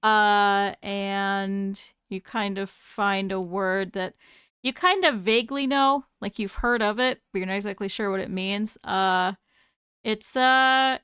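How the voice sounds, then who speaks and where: A woman's voice: mid-range voice, a bit bright, clean tone, no echo, studio quality. A woman running a tabletop game as game master, narrating with many fillers. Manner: rambling, full of fillers.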